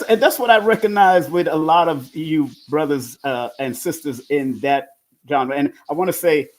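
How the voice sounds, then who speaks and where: A male host of an interview show who often chimes in with agreement and talks in a casual way. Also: mid-range voice. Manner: affirming, frequent agreement.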